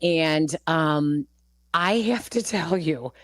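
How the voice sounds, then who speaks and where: A woman hosting sports talk radio, telling stories in a relaxed way and laughing at the funny parts. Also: deep voice, very slow, no echo. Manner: storytelling, laughing through anecdotes. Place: radio studio.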